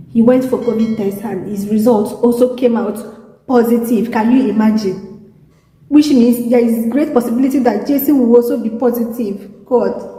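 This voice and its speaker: A young Nigerian woman with a Nigerian accent talks to her viewers from a hospital room, tearful and exhausted. Her voice is mellow and dark, and she keeps circling back over the same words in a weary, pleading way. The room is echoey, with a lingering reverb. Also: fairly high pitch. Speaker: vlogger. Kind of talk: emotional video diary.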